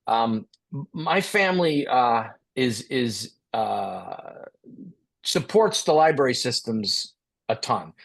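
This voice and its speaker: Middle-aged man telling a lively story. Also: mid-range voice, takes it slowly, creaky. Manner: animated, acts out dialogue. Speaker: expert speaker. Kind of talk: storytelling talk.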